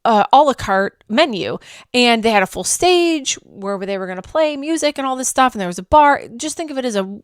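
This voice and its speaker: A woman hosting a travel vlog, telling her trip story in a chatty, animated way, poking fun at herself and laughing often. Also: fairly high pitch, a little fast, clear, resonant tone, dry recording, clean studio sound. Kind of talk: casual storytelling review.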